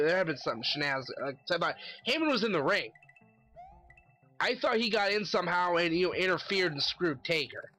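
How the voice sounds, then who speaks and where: A man's voice: a little high, bright, forceful tone. A man giving a casual solo commentary, ranting animatedly and swearing constantly. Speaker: wrestling commentary vlogger.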